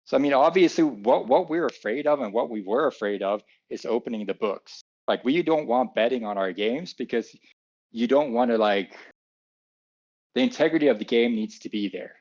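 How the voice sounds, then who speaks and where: A man's voice: mid-range voice, normal speed, a little mellow, dull audio. A man answering fan questions in a live Q&A as a club co-owner, earnest and a little defensive, often repeating words.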